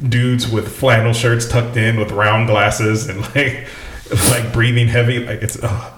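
A man's voice: medium pitch, flat delivery, measured pace, fairly bright tone, roomy sound. A man co-hosting a casual podcast, laid-back, swearing freely and laughing often. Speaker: podcast co-host. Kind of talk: casual chat.

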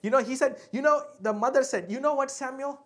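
A woman's voice: sits high, fairly quick. A woman preaching a sermon with call and response, fervent and building, breaking into speaking in tongues.

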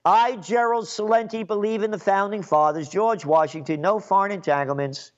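A man from the Bronx, New York, speaks in a voice that sits high at a normal speed. He gives a sarcastic, indignant solo commentary, reading aloud and throwing in emphatic asides. The recording is muffled and lo-fi.

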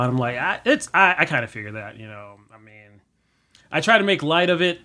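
A man's voice: a little high, animated, normal speed, bright, forceful tone. A young man chatting casually as a guest, rambling with many fillers and acting out quotes. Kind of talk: casual chat.

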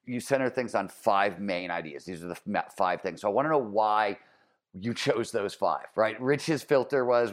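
A man with a low voice hosting a podcast. He lays out ideas in a calm, explanatory way and then puts questions to his guests. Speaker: podcast host. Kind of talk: casual conversation and interview questions.

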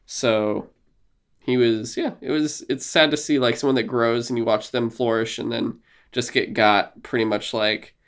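Brief: podcast co-host, male, loose and animated, slips into characters' voices. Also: medium pitch, moderate pace. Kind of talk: casual video game discussion.

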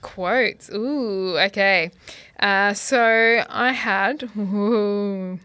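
A woman's voice: medium pitch, very slow, bright, forceful tone, dry recording. Dry-sounding woman podcast co-host. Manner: reads out favourite sitcom quotes with playful voices. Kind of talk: casual chat.

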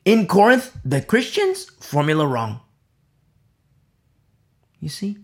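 Brief: woman pastor preaching, lively swooping pitch, repeats her points, sinks to hushed whispers. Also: slow. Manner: emphatic, repeats key phrases, drops to near-whispers. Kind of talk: sermon.

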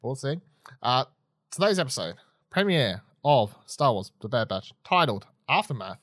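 A man's voice: medium pitch, big pitch swings, moderate pace, fairly bright tone, no room sound, studio quality. A man hosting a casual podcast, talking in a chatty, loose way that drifts into side notes. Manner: chatty, loose, prone to tangents. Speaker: podcast host.

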